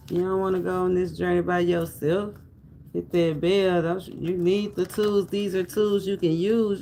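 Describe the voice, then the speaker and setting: A man reads tarot cards for his viewers in a slow, unhurried delivery, his voice sitting a little high for a man. He circles back over phrases with a loose, preacher-like cadence and breaks off to speak to his audience directly. A faint hum runs underneath the recording. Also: creaky, darkish tone, low-quality recording. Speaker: tarot reader. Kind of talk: casual spoken tarot reading.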